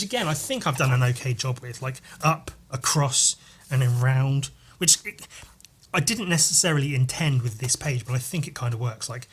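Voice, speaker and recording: A man hosting a casual solo podcast as a comic artist, rambling and excitable, swearing a lot, jittery from too much caffeine. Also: medium pitch, slightly rough. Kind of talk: casual solo podcast monologue while leafing through comics.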